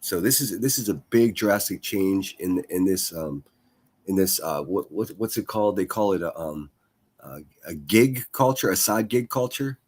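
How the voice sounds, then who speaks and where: Low and somewhat dark in tone, this man's voice runs a daily news livestream. He offers casual commentary over clips, rambling through stories with repeated words and the occasional swear.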